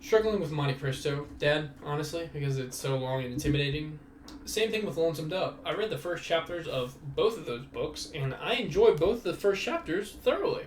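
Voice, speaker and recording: A man's voice: fairly high pitch, expressive, normal speed, a little hiss or hum. A young man hosting a casual solo podcast, rambling and self-mocking, swearing freely. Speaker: podcast host.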